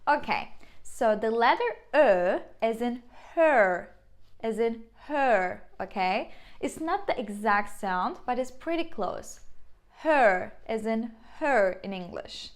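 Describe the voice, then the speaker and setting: A young woman with a Turkish accent, teaching a beginner lesson on how to pronounce vowels, slowly repeating each sound. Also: fairly high pitch, animated. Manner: slow, patient, repeats sounds, exaggerated mouth demonstrations. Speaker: language teacher.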